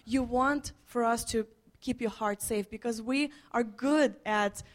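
A woman's voice: fairly high pitch, a little slow. A woman pastor giving earnest marriage advice, telling a personal story with many restarts. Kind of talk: marriage teaching talk with a co-host.

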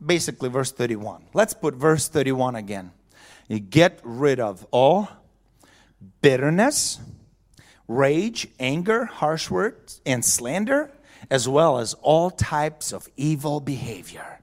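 A man's voice: mid-range voice, expressive, slow. A man preaching a sermon in a conversational way, chuckling often and asking the audience questions.

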